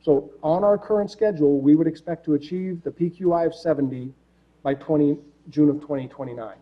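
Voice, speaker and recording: A man on city staff explaining budget options to a council in a public meeting, walking through the figures and pausing on fillers. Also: on the high side. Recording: dull lo-fi meeting audio.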